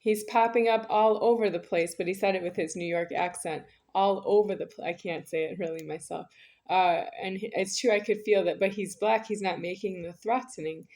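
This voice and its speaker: A woman's voice: lowish voice, steady tone, normal speed, darkish tone. A woman talking in a rambling spoken monologue, insistent and circling back over the same phrases.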